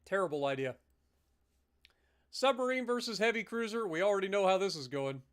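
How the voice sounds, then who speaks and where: A man's voice: sits high, animated, brisk. Casual man streaming a naval strategy game. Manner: casual, thinks aloud, swears, clears throat often. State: slightly rough throat. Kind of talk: live strategy game commentary.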